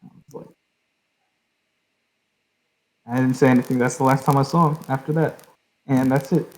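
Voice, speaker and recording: A man's voice: medium pitch, fairly even intonation, quick pace, rough recording. Young man, podcast host, casual storytelling, rambling, lots of "like" and "right?".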